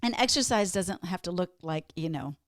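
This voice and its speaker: A woman's voice: lowish voice, expressive, moderate pace, no room sound. Upbeat motivational woman, dry sound. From Minnesota. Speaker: fitness and wellness guest. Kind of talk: podcast interview.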